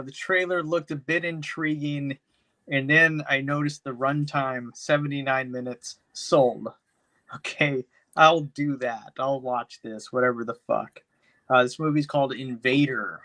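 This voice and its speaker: A man's voice: mid-range voice, unhurried, pushed and bright. A man co-hosting a podcast, recapping a movie plot in a rambling, profane way, packed with "you know.". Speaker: podcast co-host. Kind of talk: casual chat, movie recap.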